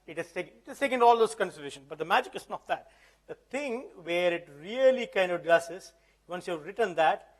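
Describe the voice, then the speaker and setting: A man presenting a live tech demonstration at an event, talking conversationally and often checking that the audience follows. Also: high-pitched. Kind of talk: live tech demo talk. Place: event hall.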